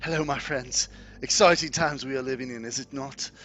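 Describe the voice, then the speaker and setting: A man voicing an earnest young village leader who declaims loudly to rally a crowd. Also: mid-range voice, fairly even intonation, a little fast, a little hiss or hum, close to an everyday voice. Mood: formal. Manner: loud, rousing, declaiming.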